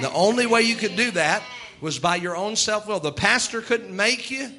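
A man's voice: high voice, animated, normal speed, bright, forceful tone. A male preacher, delivering a folksy sermon and voicing God and sinners in quoted asides.

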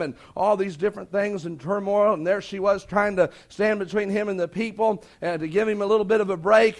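A preacher with a notably high voice delivers a sermon in a folksy storytelling manner. He retells an anecdote and voices the people in it as he goes.

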